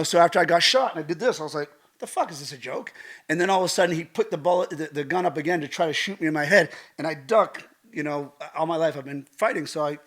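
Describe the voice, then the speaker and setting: American man, middle-aged, bright forceful voice, animated storyteller, casual swearing. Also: a little high. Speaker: guest, stunt coordinator. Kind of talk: vivid storytelling.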